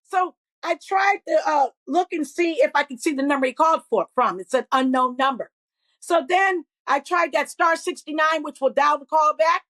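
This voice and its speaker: A middle-aged woman and comedian, swearing freely as she tells animated stories as a guest in a podcast interview. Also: high voice, moderate pace.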